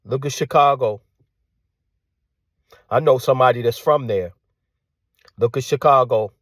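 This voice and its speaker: A man delivering a combative monologue, repeating his phrases and firing off rhetorical questions, sometimes dropping to a hushed tone. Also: medium pitch, unhurried, no echo, studio quality. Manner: drops to hushed tone at times. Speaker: commentator. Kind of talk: ranting monologue.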